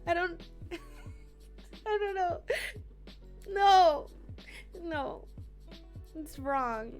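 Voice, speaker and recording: A woman's voice: extremely high pitch, expressive, drawn-out words, faint music behind. A young woman streamer chatting casually with her live viewers, rambling and laughing often. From United States.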